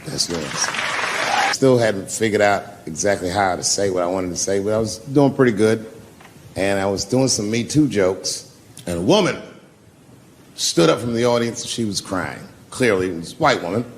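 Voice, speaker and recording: A man's voice: lowish voice, lively intonation, moderate pace, some chatter behind, a little hiss or hum. A man doing a stand-up set at a comedy club, telling stories in a laid-back, profane way. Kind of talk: stand-up set with crowd work.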